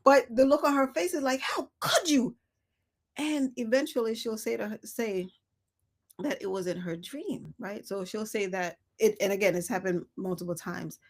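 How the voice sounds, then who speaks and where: A woman hosting a live reflective talk, speaking softly and thoughtfully, with small laughs between her thoughts. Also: medium pitch, moderate pace. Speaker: host.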